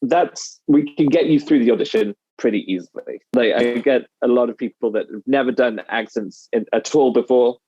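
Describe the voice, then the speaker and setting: Barely pausing, a British dialect coach from the UK discusses his work conversationally and acts out phrases he quotes. His medium-pitched voice is dark and husky at a moderate pace, with no echo, on a slightly dull lo-fi recording.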